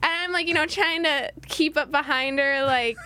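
Giggly high-voiced young woman. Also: normal speed, bright, forceful tone, slight background noise. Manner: giggly, chatty. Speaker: guest, host's daughter. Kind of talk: casual storytelling chat.

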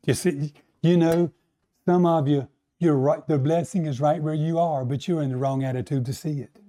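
A man preaching a sermon who asks his listeners for responses, acts out quoted voices, and slows down, climbing higher and louder to stress a point. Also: steady tone. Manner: rising to a higher, louder pitch to stress points, slowing on key lines. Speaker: pastor.

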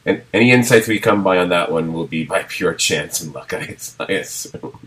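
A man hosting a podcast in relaxed conversation. His voice sits very low, and he laughs often and circles back on his own sentences as he talks. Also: moderate pace, a little hiss or hum. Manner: chatty, laughs often, trails into restarts. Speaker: podcast host. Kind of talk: casual chat.

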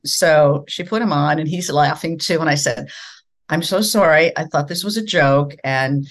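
A woman's voice: sits low, normal speed. An older woman from the American Midwest, a former news anchor, telling stories in conversation and acting out the dialogue. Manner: animated storyteller acting out dialogue. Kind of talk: conversational storytelling.

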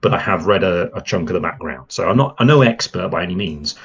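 A man's voice: sits low, expressive, fast, a bit bright, slightly rough, lo-fi sound. A man, a podcast guest chatting enthusiastically with lots of fillers. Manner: rambling and enthusiastic, many fillers. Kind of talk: casual podcast chat.

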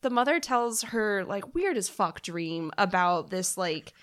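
A woman co-hosting a film podcast in a relaxed, chatty way. She laughs easily and swears without a second thought, running through her notes with playful asides. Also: medium pitch, measured pace. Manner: laughs often, swears casually. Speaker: podcast co-host. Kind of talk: casual movie review chat.

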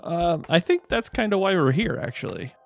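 A man's voice: sits high, sing-song, normal speed, vocal fry, soft background music. A man playing a tabletop game, laid-back and wry. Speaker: player. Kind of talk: casual tabletop play.

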